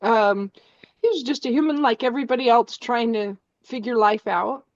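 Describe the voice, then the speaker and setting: A woman working as a psychic medium, speaking gently and hesitantly with many restarts during a spiritual reading. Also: fairly high pitch, normal speed, no room sound. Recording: dull lo-fi sound.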